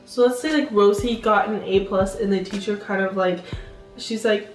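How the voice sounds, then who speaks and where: A woman's voice: medium pitch, steady tone, normal speed, a little mellow. A teenage girl co-hosting a casual chat, earnest and rambling, with many fillers. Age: teens. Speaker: channel co-host. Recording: roomy sound, mic at a distance, faint music.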